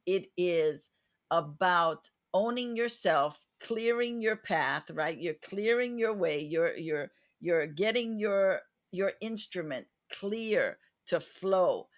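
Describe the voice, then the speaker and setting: Her lowish voice is animated but slow as she hosts a casual podcast interview. She comes across as earnest and reflective, restarting her thoughts frequently.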